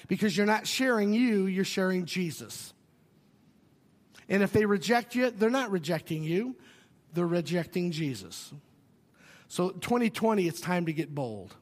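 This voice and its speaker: A man, a pastor preaching a sermon, telling stories with swings from loud and animated to quiet and hushed. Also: high-pitched. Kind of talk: sermon with storytelling. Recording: long hall reverb.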